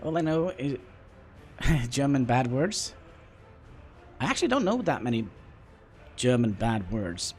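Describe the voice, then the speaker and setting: A man with a Norwegian accent talks through a game on a livestream, his voice sitting at an ordinary medium pitch. He speaks haltingly, answering his chat and poking fun at himself, with faint music playing underneath. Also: sing-song, darkish tone. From Norway. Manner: halting, chatty, self-deprecating, talks to chat. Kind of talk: casual gameplay livestream commentary. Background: faint background music.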